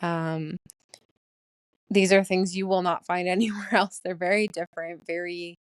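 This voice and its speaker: Solo podcast host, woman, rapid and eager, lots of ums, lowish pitch. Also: clean tone, no echo. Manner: fast-talking, excitable, many ums. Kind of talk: casual solo podcast talk.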